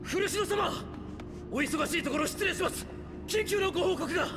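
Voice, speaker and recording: A man's voice: extremely high pitch, quick pace. An actor playing a nervous young male messenger who hesitates as he delivers urgent news in a game cutscene. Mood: flustered. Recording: game voice with music behind.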